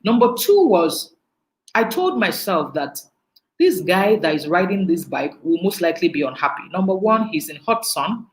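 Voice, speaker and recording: Animated Nigerian woman telling stories. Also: lowish voice, moderate pace, roomy sound, low-quality recording. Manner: animated, laughs often. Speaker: speaker on emotional intelligence. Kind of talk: storytelling talk.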